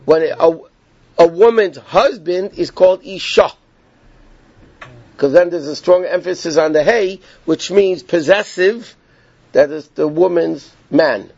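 A gravelly, darkish voice of fairly high pitch, moving a little slowly, belongs to a man teaching a Torah class. He explains a text step by step, repeating points and asking his students "okay?". The sound is dull, lo-fi and dry.

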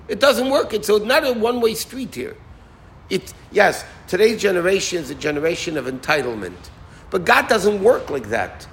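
A man giving an informal Torah talk as a rabbi, animated and folksy, sprinkling in Yiddish and Hebrew terms. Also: sits high, moderate pace, a little hiss or hum.

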